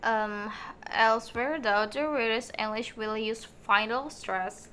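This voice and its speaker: A young woman student giving a recorded class presentation, halting, with many fillers and restarts. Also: fairly high pitch, bright, forceful tone, a little hiss or hum.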